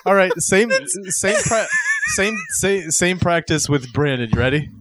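A man's voice: on the high side, expressive, a little slow, heavy background noise. A man hosting a podcast, chatting casually and steering the talk. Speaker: podcast host. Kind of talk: casual chat.

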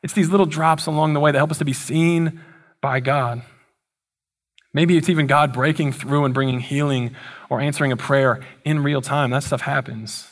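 A man delivers a sermon in a loose, chatty storytelling style, dropping slangy asides as he retells scripture. His voice sits a little on the high side for a man. He sounds like a pastor speaking to his congregation. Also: steady tone, moderate pace.

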